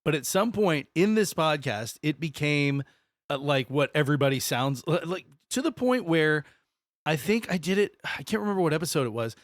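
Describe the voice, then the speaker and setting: A man's voice: on the high side, animated, moderate pace, dry recording, clean studio sound. A man raised in the American South co-hosting a podcast, rambling and swearing casually. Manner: rambling, swears, self-correcting. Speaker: podcast co-host. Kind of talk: casual chat.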